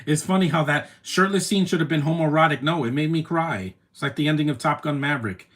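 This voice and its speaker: A man streaming his reaction to a movie, talking in an emotional, rambling way with many "man" tags and the odd loud taunt. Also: on the high side, fast. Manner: soft-spoken, with sudden loud taunting outbursts. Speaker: live streamer.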